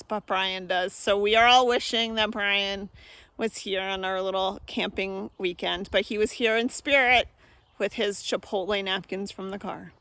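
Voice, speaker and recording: Bright cheerful woman on a camping trip. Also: mid-range voice, normal speed, clear, resonant tone, dry recording. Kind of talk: casual vlog chat. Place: outdoors on a camping weekend.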